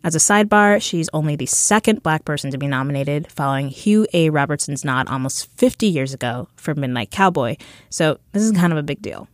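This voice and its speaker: A woman hosting a casual podcast chat, laughing often and talking in an animated way. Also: deep voice, fairly quick, no echo, clean studio sound. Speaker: podcast host.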